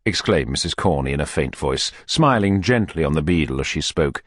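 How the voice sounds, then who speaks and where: A man narrating a classic novel as an audiobook reader, in expressive, lively storytelling. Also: rumbling low, a little fast, no echo, studio quality.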